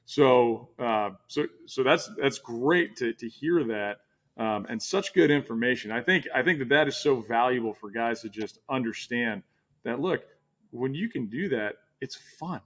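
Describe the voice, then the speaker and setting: A man's voice: mid-range voice, animated, measured pace, fairly bright tone. A middle-aged man hosting a casual interview, talking in a rambling way with many restarts. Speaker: podcast host.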